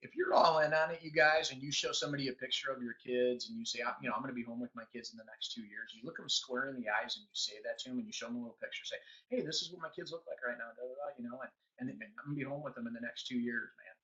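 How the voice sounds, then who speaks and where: A man's voice: medium pitch, rapid-fire, hardly any pauses. A middle-aged man giving a motivational business training talk, acting out conversations as he tells stories. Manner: animated storyteller acting out conversations. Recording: dull lo-fi sound.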